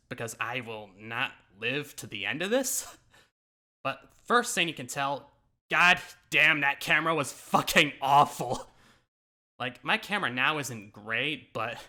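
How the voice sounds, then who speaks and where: Bright-voiced laughing YouTuber man. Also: mid-range voice. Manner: self-mocking, laughs often, swears. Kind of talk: casual reaction commentary.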